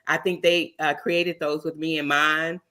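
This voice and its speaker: A woman guest talks candidly and loosely, laughing easily as she goes. Her voice is very low for a woman, yet bright and forceful. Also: flat delivery, measured pace. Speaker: talk show guest. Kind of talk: casual talk show discussion.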